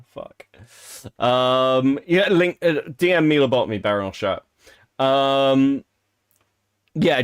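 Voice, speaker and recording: A man's voice: mid-range voice, no room sound, clean studio sound. A man giving casual, profane, amused commentary on a clip during a stream. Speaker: stream co-host reacting to a clip. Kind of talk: reaction commentary.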